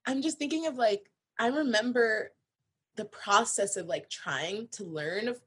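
A woman's voice: on the high side, measured pace, a bit bright, slightly rough. A young woman co-hosting a podcast, chatting casually and thinking aloud as she talks. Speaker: podcast co-host. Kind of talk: casual chat.

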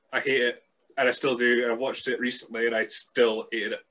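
A man hosting a podcast, chatting casually in a deadpan, joking way. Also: medium pitch, moderate pace. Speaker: podcast host.

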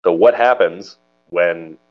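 A young man co-hosting a podcast in casual chat, animated and jokey with lots of stumbling restarts. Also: low voice, slow pace. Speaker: podcast co-host. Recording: dull lo-fi recording.

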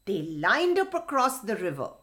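A woman reading a children's story aloud, expressive and sing-song, talking to the children directly. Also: mid-range voice, normal speed.

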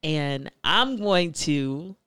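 A woman host reciting her own spoken-word poetry in a measured, deliberate way. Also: low voice, expressive, fairly bright tone, clean tone, no echo, studio quality. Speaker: podcast host and poet. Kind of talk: slow spoken-word poetry, then casual talk.

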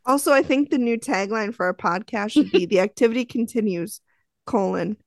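A woman's voice: on the high side, measured pace, long pauses, dry recording. A woman co-hosting a podcast, chatting casually and teasing with jokey asides. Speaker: podcast co-host. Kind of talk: casual chat recapping a TV show.

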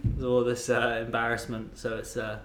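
A man co-hosting a casual couple's podcast, speaking in a halting way with many fillers. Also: medium pitch, completely flat delivery, reverberant, a loud crowd. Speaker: podcast co-host.

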